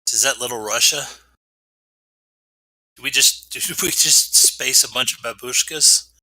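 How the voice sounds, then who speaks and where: Sharp-toned wisecracking man at a game table. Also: mid-range voice, a little slow, no echo, rough recording. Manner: wisecracking, questioning. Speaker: player. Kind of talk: casual tabletop game chat.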